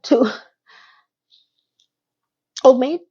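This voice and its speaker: A woman's voice: high voice, drawn-out words, mellow, breathy edge, muffled recording. A woman giving a casual recap of a TV episode, with blunt, exasperated commentary and words she repeats for emphasis. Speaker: TV recap reviewer.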